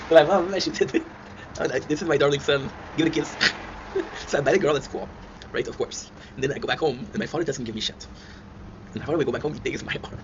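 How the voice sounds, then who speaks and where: A man tells rambling childhood stories at a quick clip, laughing often. The recording is dull and lo-fi, with steady noise behind him. His voice sits in an ordinary middle pitch. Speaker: channel host. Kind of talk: casual storytelling. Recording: dull lo-fi sound with clear noise.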